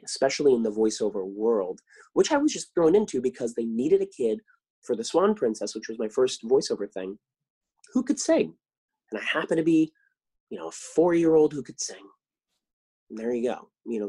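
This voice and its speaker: A man talking as a podcast guest, telling animated stories and acting out the lines he quotes. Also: mid-range voice, husky. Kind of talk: casual interview chat.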